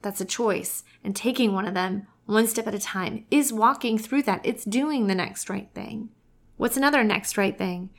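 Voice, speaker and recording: A woman's voice: mid-range voice, normal speed. A woman, a cancer survivor, giving a heartfelt, emphatic casual monologue and often saying "y'all" and "oh my gosh.".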